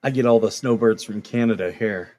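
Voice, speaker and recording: A man's voice: lowish voice, a little fast, warm tone, lo-fi sound. A man joining a casual chat, joking playfully.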